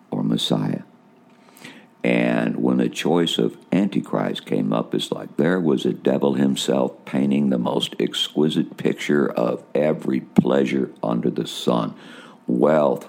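Gravelly deep-voiced man testifying. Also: a little mellow. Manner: emotional, repetitive, addresses listeners as folks. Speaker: preacher recounting visions. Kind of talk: personal testimony sermon.

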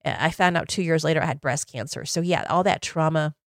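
A woman in her forties talks through her own past in an earnest, reflective podcast voice. Her pitch sits low, and the recording is dry and close with no room sound. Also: brisk, dry recording. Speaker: podcast host. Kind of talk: personal storytelling podcast.

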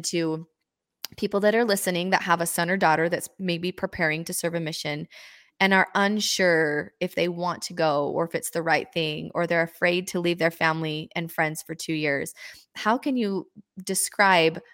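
A woman's voice: lowish voice, fairly bright tone, dry recording, clean studio sound. A woman in her thirties hosting an interview, sharing personal stories in a heartfelt way and asking questions. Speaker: host. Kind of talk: conversational interview.

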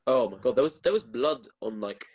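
A man's voice: mid-range voice, animated, fairly quick, a crowd in the background. A young man telling a story in casual podcast chat, rambling and swearing freely. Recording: dull dry lo-fi audio.

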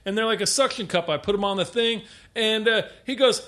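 A man in casual chat, excitable and slangy, saying dude a lot and swearing. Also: high voice, brisk.

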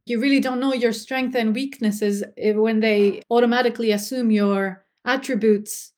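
A woman's voice: on the high side, fairly even intonation, normal speed, darkish tone. A young woman from Germany, a former footballer, telling her experiences in a casual interview, chatty with many fillers. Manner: chatty, many fillers, laughs between phrases.

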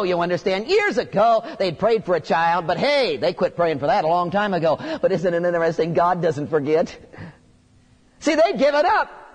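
A man preaching an expository sermon in a lively, conversational way, with sudden emphatic bursts. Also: high-pitched, long reverb tail.

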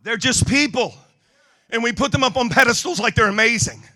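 High, bright, animated male preacher. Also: fairly quick. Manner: animated, swings from murmurs to shouting. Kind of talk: sermon with comic storytelling.

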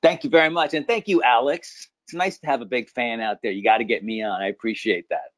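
A middle-aged man, an actor, telling stories in a casual interview with an animated, laughing manner. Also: mid-range voice, quick pace, no echo. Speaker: actor guest.

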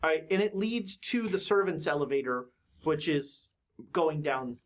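A woman's voice: low-pitched, animated, normal speed. A woman running a tabletop game as game master, narrating the scene with a playful manner and bursts of sound words. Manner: playful, laughs through descriptions, adds sound words.

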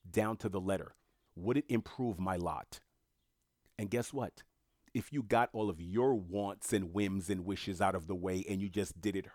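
Male commentator, low and dry, blunt and emphatic, talks straight to camera. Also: darkish tone, no echo. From Haitian family. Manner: blunt, emphatic, repeats himself. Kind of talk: casual monologue commentary.

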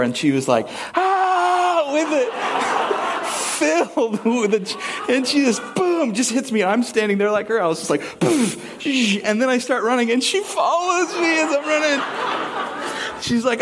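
Lively man preaching with animated stories. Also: a little high, slight background noise. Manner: animated storytelling, acts out voices and sounds. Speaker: pastor. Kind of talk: sermon with a personal story.

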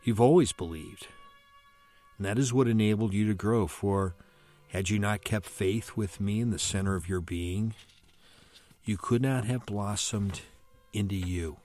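A man reading aloud the lines of a wise, gentle sun, reassuring a young tree in a storybook. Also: on the low side, unhurried, faint music behind, lightly acted.

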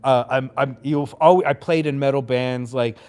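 A man's voice: mid-range voice, steady tone, moderate pace, darkish tone, clear, resonant tone. A man co-hosting a podcast, telling rambling, profane studio anecdotes in casual chat. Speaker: podcast co-host.

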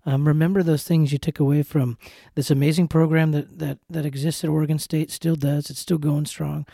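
A man's voice: a little high, flat delivery, fairly quick, creaky, dark tone, no echo, clean studio sound. A man in his thirties hosting a podcast, speaking earnestly and often repeating words as he searches for them. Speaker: podcast host. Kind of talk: heartfelt conversational interview.

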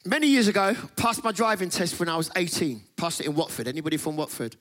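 A middle-aged man preaches with lively, comic storytelling. His voice sits notably high for a man, and he laughs often as he acts out the other people in his stories. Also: quick pace.

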